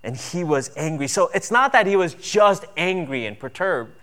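A man's voice: on the high side, big pitch swings, moderate pace, fairly bright tone. A man preaching a sermon earnestly, with emphatic build-ups on key points. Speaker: pastor.

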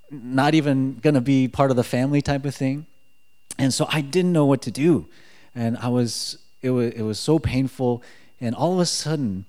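A man giving a personal faith testimony in casual storytelling style, animated and acting out quoted dialogue. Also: mid-range voice. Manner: animated, acts out quotes, frequent "like" fillers.

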